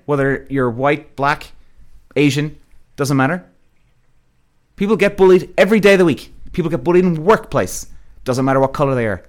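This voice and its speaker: A man hosting a podcast, delivering a blunt, profane rant straight to his listeners. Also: medium pitch. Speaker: podcast host. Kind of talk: ranting monologue to listeners.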